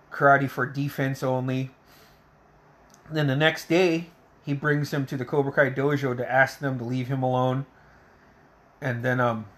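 A man casually retelling a film scene by scene, swearing constantly and acting out the characters' lines. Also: medium pitch. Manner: rambling, heavy swearing, acts out quotes. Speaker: movie reviewer. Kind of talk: casual profane movie recap.

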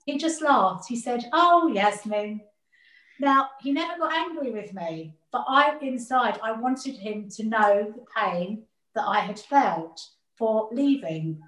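A woman's voice: a little high, expressive, unhurried, a bit bright. A woman speaking earnestly as an interview guest, reflecting on her family and often repeating words as she gathers her thoughts. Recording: roomy echo.

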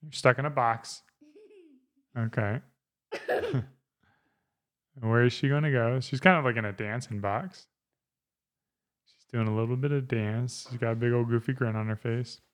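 A man's voice: mid-range voice, steady tone, moderate pace, long pauses. A man in his thirties hosting a casual podcast, rambling with lots of fillers and easy laughs. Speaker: podcast host.

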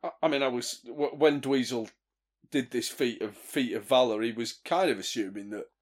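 A man's voice: medium pitch, moderate pace. A man playing in a tabletop game, narrating his character's actions with stumbles and restarts. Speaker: player. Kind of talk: tabletop role-play chat.

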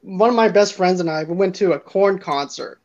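A man's voice: high-pitched, normal speed, a little mellow. A man hosting a podcast, telling a casual story, laughing through it and swearing freely. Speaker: podcast host. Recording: dull lo-fi mic.

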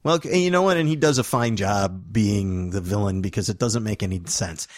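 A man's voice: lowish voice, no echo, clean studio sound. A man co-hosting a podcast, joking and laughing through a casual chat about a film. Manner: joking, animated, quick to laugh. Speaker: podcast co-host.

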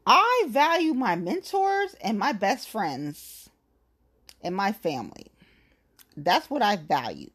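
A woman's voice: mid-range voice, sing-song, slow pace, fairly bright tone, breathy edge. Fired-up woman in a profane rant. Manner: blunt, profane, heated, emphatic. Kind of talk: angry venting rant to camera.

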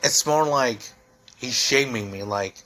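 A man's voice: mid-range voice, measured pace, bright, forceful tone. A young man hosting a solo podcast, venting in a heated, profane, rambling way full of fillers. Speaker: podcast host.

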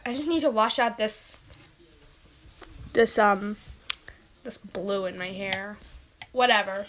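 A woman narrating pretend play in a playful way, brushing things off with quick dismissive asides. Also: mid-range voice, a bit bright, a little hiss or hum.

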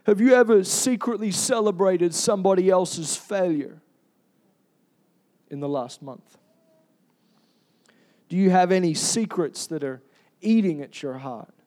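High-voiced man preaching a sermon. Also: a little mellow. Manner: emphatic, rhetorical questions, slows for emphasis; confessional storytelling.

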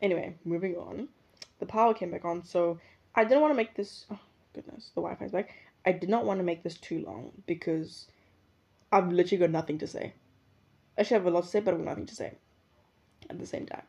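Speaking fairly quickly in a gravelly, slightly mellow voice of fairly low pitch, this young South African woman talks alone on her podcast with long pauses. Indoors at her regular recording place, she thinks out loud in a casual, rambling, reflective monologue, frequently correcting herself partway through sentences.

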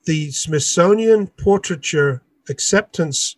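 A man's voice: fairly high pitch, animated, takes it slowly, no room sound. A man, an artist and author, recounting a dispute in an interview with indignant emphasis. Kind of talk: storytelling in an interview.

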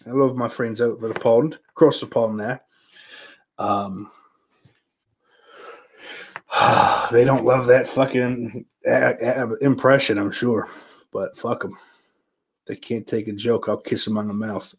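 A man's voice: medium pitch, fairly even intonation, slow pace, pauses often, husky. Profane rambling male podcast host. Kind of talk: casual rambling monologue.

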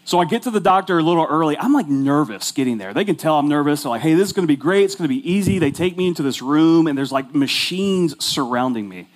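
A man's voice: on the high side, animated, fast talker, hardly any pauses. Chatty, self-mocking man in his forties. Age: 40s. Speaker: pastor. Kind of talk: humorous storytelling sermon.

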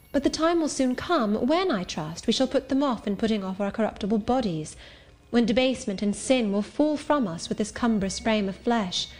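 A woman voicing a gentle, pious schoolgirl who speaks in a measured, earnest and serene way, read as an audiobook. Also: a little high. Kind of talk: audiobook reading.

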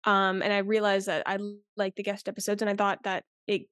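A woman's voice: mid-range voice, monotone, a little fast, a bit bright, no echo, clean studio sound. Candid chatty woman in her twenties. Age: 20s. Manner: candid, rambling, talks with many likes and restarts. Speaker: podcast guest. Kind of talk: casual interview chat.

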